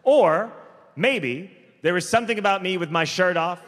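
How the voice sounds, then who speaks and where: A man's voice: high voice, moderate pace, a bit bright. A man doing stand-up comedy storytelling on a theater stage, rambling with self-correcting asides and sudden emphatic outbursts. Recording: live theater, long reverb, faint noise.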